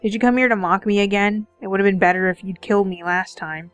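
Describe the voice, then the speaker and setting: Visual novel read-aloud: woman voicing a bitter, resentful young man in a loop, mid-pitched, faint music behind. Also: fast, smooth, no echo, lightly acted. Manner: bitter, resentful, low-key.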